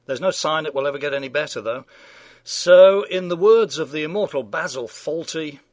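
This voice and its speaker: A man's voice: on the high side, moderate pace, no echo. A middle-aged man hosting a scripted radio news commentary, delivering it with dry, sardonic irony.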